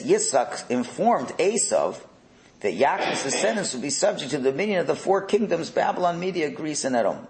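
A middle-aged man leading a religious text class, animated, firing rhetorical questions and repeating words. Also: fairly high pitch, reverberant, a little hiss or hum, low-quality recording. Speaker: religious teacher.

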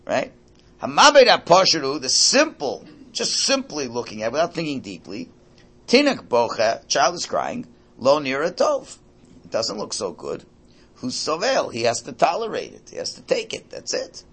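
An older man teaching a religious class to a room, lively and animated, often checking in with his listeners. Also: fairly high pitch, normal speed, slightly rough. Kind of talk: lecture to a class.

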